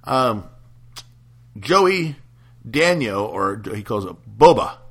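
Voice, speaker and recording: Bright-voiced easygoing male co-host. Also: mid-range voice, very animated, takes it slowly, slightly rough. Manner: easygoing, laughing along, hesitant fillers. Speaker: podcast co-host. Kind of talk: casual podcast chat.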